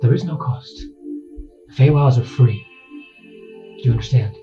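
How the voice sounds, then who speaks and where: A man voicing a slow, quiet fey elder healer. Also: mid-range voice, dull audio, over music, lightly acted. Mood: calm.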